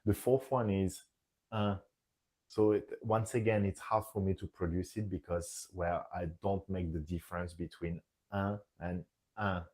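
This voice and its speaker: A man's voice: sits low, steady tone, measured pace, darkish tone. A man with a French accent teaching French nasal vowels, demonstrating each sound carefully. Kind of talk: scripted pronunciation lesson.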